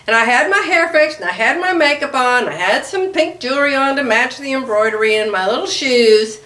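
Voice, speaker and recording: A middle-aged woman with a high, bright voice, telling a sewing story to her viewers in a chatty, animated way and laughing often. Her pitch swings all over as she talks. The sound carries the echo of a room at home. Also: fairly quick, far from the mic. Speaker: sewing vlogger. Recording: echoey room.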